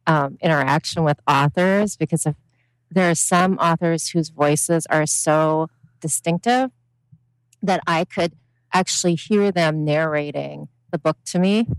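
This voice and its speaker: A woman co-hosting a podcast in casual chat, measured and reflective with halting phrasing. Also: low voice, no room sound, poor audio. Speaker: podcast co-host.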